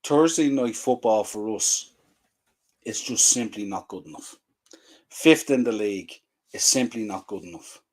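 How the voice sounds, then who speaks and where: A man, hosting a fan show and ranting in frustration with repeated rhetorical questions. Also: on the low side. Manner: exasperated, repetitive rhetorical questions. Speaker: fan podcast host.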